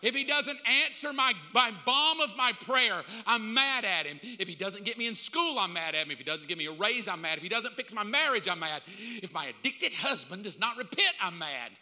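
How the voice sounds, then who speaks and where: A man preaching a sermon in an animated way, swinging between loud and hushed delivery. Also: high-pitched, moderate pace, few pauses. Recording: long hall reverb.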